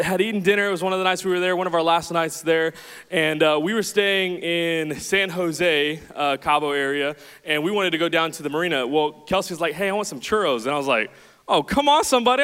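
A young man preaching to a congregation, telling a rambling, self-deprecating story in a chatty, animated way. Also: fairly high pitch, clean tone. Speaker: pastor. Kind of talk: sermon with storytelling. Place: church hall with audience. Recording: reverberant hall.

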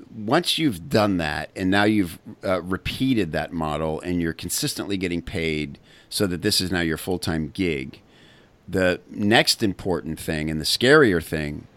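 Low-voiced man telling his story. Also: a bit bright, dry recording. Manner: candid, halting, many restarts and fillers. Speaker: guest, copywriting community founder. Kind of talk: casual storytelling interview.

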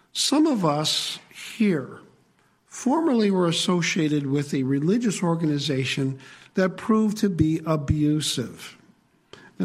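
A man delivers a sermon with a slightly husky voice that sits a little high for a man. He talks to the congregation in a conversational way and stops to ask them questions. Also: darkish tone. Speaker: preacher.

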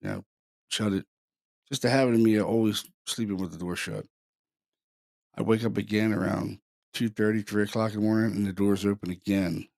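Guy telling a creepy story on his podcast, lowish voice, dry close mic, keeps restarting his sentences. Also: steady tone, vocal fry, darkish tone, dry recording. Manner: halting, repeats words, conversational. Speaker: podcast host, paranormal investigator. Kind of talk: casual storytelling.

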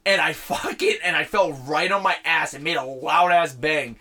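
A man's voice: a little high, normal speed. A young man chatting casually with friends, telling rambling, profane stories with lots of energy. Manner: animated, profane storyteller. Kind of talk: casual chat among friends.

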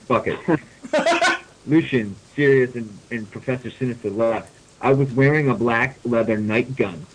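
A man's voice: mid-range voice, unhurried, a little hiss or hum, low-quality recording. A man with a mid-range voice reads a story aloud on a comedy podcast. He plays the lines straight, then cracks up and laughs through them. It sounds like podcast audio with a radio-like tone. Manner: reads deadpan, breaking into laughter. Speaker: podcast host. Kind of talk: comedic dramatic reading.

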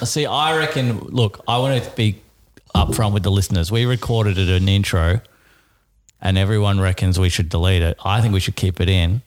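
A man's voice: sits low, normal speed. A man co-hosting a casual podcast, talking earnestly and laughing often. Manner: earnest, talkative, frequent laughs. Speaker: podcast co-host. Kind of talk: casual chat.

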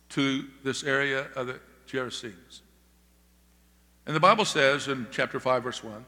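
A man's voice: mid-range voice, pushed and bright. A male pastor preaching a sermon with emphatic delivery, calling out "Amen?" to the congregation from a church sanctuary. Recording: long reverb of a large hall.

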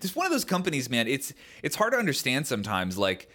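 A man's voice: mid-range voice, wildly swooping pitch, fast talker, pushed and bright. A young adult man co-hosting a podcast, musing in a loose, rambling way, full of "like" and "man". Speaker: podcast co-host. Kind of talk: casual chat.

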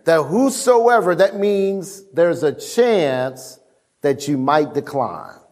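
A man's voice: on the high side, very animated, slow pace, darkish tone. A middle-aged man preaching a sermon, emphatic and casual, calling on the congregation to answer back. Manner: emphatic, call-and-response with the congregation.

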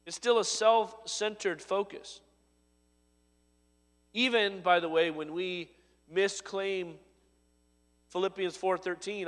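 A man preaching a sermon, his voice swelling to loud emphatic lines and dropping low and soft. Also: fairly even intonation, takes it slowly, long pauses, big-room sound. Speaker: pastor.

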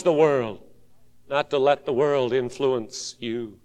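A man preaching a sermon, swinging from ringing shouted calls down to hushed, pleading tones. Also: mid-range voice, lively intonation, takes it slowly, smooth, long reverb tail.

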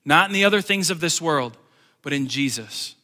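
High, sharp-toned man preaching a sermon, lively with wry asides, long church reverb. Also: moderate pace. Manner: animated, swings between loud emphasis and quiet asides; joking asides in plain everyday speech. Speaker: pastor. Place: church sanctuary.

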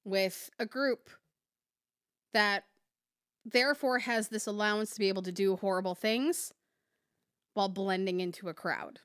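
A woman's voice: medium pitch, fairly even intonation, a little slow, pauses often, a bit bright, clear, resonant tone, no echo, studio quality. A woman co-hosting a casual podcast, emphatic and passionate, swearing freely. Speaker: podcast co-host.

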